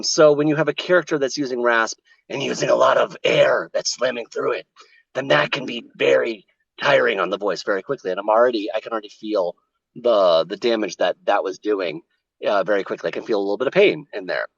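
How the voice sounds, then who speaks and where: A man's voice: medium pitch, fairly quick, gravelly, dry recording. Male voice actor, explanatory interview talk, dull remote audio. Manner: explanatory, demonstrates vocal technique.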